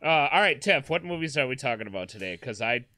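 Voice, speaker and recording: A man's voice: mid-range voice, expressive, fast, bright, forceful tone. A man co-hosting a casual comedy podcast, joking around and steering the chat. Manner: joking, leads the discussion. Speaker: podcast co-host.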